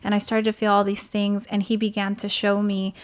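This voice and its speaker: A woman's voice: mid-range voice, monotone, fairly quick, smooth. A woman who is a teaching pastor, telling a personal church story in casual chat, earnest and full of "like" fillers. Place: home.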